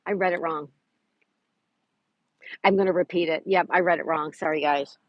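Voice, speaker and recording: A woman's voice: fairly low pitch, steady tone, normal speed, no echo, muffled recording. A chatty woman hosts a casual livestream outdoors in a park. She greets viewers by name and reads trivia aloud, and her voice sounds close and dry. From Florida. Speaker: livestream host.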